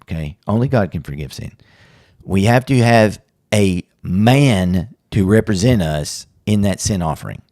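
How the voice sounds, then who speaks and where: A man hosting a podcast, explaining church history and theology in a casual teaching chat with quick asides. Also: deep voice, lively intonation, a little mellow, dry recording, clean studio sound.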